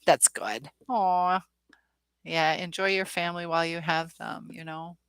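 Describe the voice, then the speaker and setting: A woman's voice: on the low side, fairly even intonation, measured pace, noisy background. A woman hosting a casual live stream, reading viewer comments aloud and chatting back with lots of ums.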